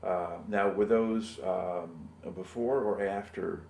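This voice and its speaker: Low, gravelly man as a patient history interviewer; roomy sound. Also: slow pace, slight background noise. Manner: patient, steady questioning with short affirmations. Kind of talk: interview questions.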